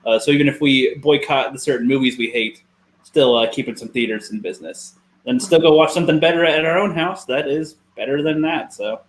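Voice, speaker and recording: A man cracks crude jokes and teases the others on a casual panel chat. His voice is mid-pitched. It bounces around an echoey room. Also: brisk. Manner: joking, crude teasing.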